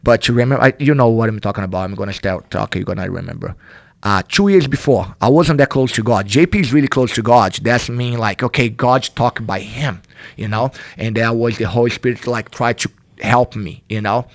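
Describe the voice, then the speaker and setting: A man's voice: medium pitch, a little fast, vocal fry, no room sound, studio quality. A middle-aged man with a Brazilian accent, a native Portuguese speaker, telling a candid personal story in a podcast conversation, earnest and emphatic. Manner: earnest, non-native grammar, emphatic repetition. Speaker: podcast guest, jiu-jitsu instructor.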